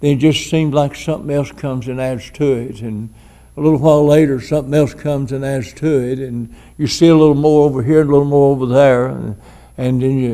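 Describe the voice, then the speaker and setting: A man's voice: medium pitch, warm tone. A man preaching an informal sermon, folksy and rambling. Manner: folksy, rambling, frequent "and things".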